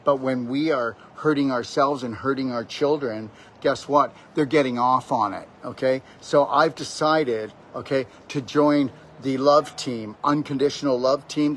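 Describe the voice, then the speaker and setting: Guy ranting about health n mindset, preachy and emphatic, talks right at you, mid pitch, bit of background hum. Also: normal speed, few pauses. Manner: preachy, emphatic, keeps addressing the listener directly. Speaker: natural health speaker. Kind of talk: rambling motivational monologue.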